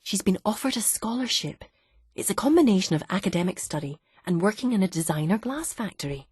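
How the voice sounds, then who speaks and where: A woman voicing a calm, patient middle-aged wife who soothes her husband with soft, gentle teasing in an audiobook. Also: medium pitch, fairly quick, breathy edge, dry recording, clean studio sound, pitched above the performer's own voice. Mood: soothing.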